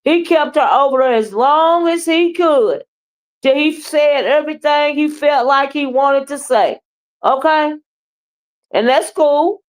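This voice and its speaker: A woman with a somewhat high voice and a drawl, commenting on a livestream. She talks bluntly and profanely, animated and trash-talking, while chatting with her viewers. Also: unhurried. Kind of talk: live commentary and chat with viewers.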